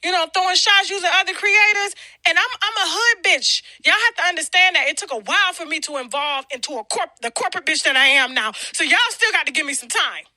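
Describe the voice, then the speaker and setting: Very high-pitched, blunt, brash woman. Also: fast, bright, forceful tone, no room sound. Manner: blunt, brash and heavily profane, acting out others' lines. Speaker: celebrity gossip blogger and channel host. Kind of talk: casual profane rant to camera.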